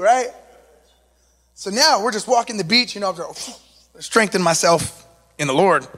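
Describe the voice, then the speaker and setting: A man preaching a sermon with an East Los Angeles accent and a strikingly high voice. He tells an animated story, acts out the quotes and fills his talk with casual asides. His voice rings out with a long reverb around it. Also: normal speed, long pauses.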